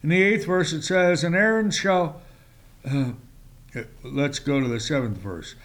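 Male preacher, slow and emphatic, fairly high voice, reads scripture between remarks. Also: fairly bright tone. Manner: slow, emphatic delivery with sudden rises in pitch; reads scripture in old-fashioned wording. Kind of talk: sermon with scripture reading.

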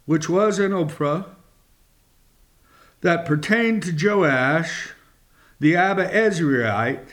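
Slow dramatic male preacher. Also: a little high, lively intonation, fairly bright tone. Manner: dramatic, swooping emphasis, drops to a whisper; slow and deliberate. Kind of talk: sermon reading and expounding scripture.

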